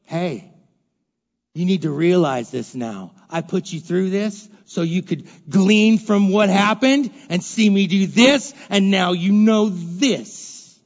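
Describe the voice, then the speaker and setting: A man voicing Jesus, speaking low, solemn and emphatic in a sermon. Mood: commanding. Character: Jesus, a commanding, reproachful man. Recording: dull lo-fi recording in a reverberant hall.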